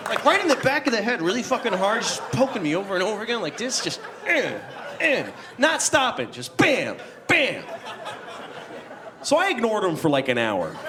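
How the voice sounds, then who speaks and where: A man doing a stand-up comedy set on a theater stage, telling rambling deadpan stories and jumping into high, loud voices for the people in them. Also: moderate pace. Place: large theater stage before a live audience. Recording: noisy live theater recording with crowd. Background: audience laughter.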